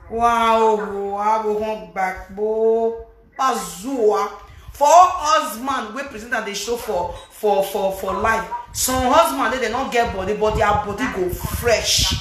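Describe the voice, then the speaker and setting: A woman with a Nigerian Pidgin accent scolds and gossips on her vlog in a high, bright voice. She slips between Pidgin and a local language with animated energy. The sound carries the echo of a bare room. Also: slight background noise. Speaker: gossip vlogger. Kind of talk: casual commentary on gossip.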